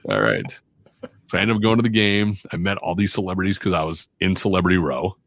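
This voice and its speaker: A man from Chicago swaps stories on a casual podcast, animated and quick to poke fun at himself. His voice sits very low and the sound is dry and close. He acts out the people in his stories as he goes. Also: no room sound. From Chicago, USA. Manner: animated, self-mocking, acts out quotes. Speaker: guest, radio and voiceover artist.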